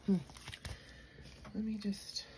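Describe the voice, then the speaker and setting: A woman vlogger narrating a casual unboxing at her desk, chatty and gushing, murmuring asides softly. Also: slow, a little hiss or hum. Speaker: nail art vlogger. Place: home nail studio desk.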